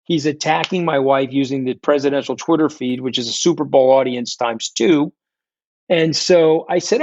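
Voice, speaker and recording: A man's voice: mid-range voice, moderate pace, dry recording. Man, middle-aged, blunt and profane, dull dry recording. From New York. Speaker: guest, fund founder. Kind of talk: candid storytelling interview.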